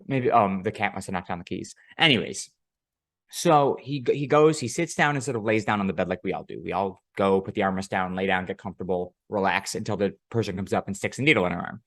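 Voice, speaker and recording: A man's voice: low voice, fast, fairly bright tone, dry recording, clean studio sound. Profane, rambling man telling a story. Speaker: podcast co-host. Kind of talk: casual storytelling chat.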